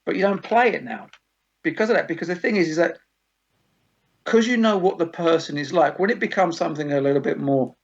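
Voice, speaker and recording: A man hosting a podcast in casual chat, an animated storyteller who acts out quoted lines. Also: a little high, a little fast. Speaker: podcast host. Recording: dull lo-fi podcast audio.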